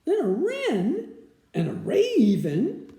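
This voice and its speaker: A woman reading a picture book aloud in an expressive, sing-song way. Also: high voice, slow pace. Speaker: storyteller. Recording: echoey room.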